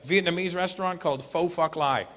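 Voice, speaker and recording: A man doing stand-up comedy to a large live audience, loud and animated, slipping into mocking voices. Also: fairly high pitch, a little fast. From Canada. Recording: echoey live hall recording with crowd noise.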